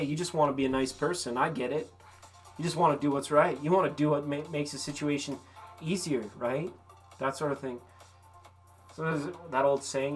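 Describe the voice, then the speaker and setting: A tarot reader hosting a live stream, talking casually and encouragingly to viewers, with relaxed, folksy phrasing and the odd swear word. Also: medium pitch. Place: vacation rental.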